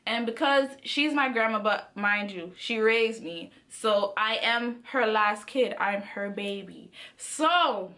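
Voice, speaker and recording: Young woman vlogger, high-pitched and bright, animated and chatty storytime delivery. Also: takes it slowly, hardly any pauses. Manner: animated, chatty, speaks straight to viewers. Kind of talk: casual storytime.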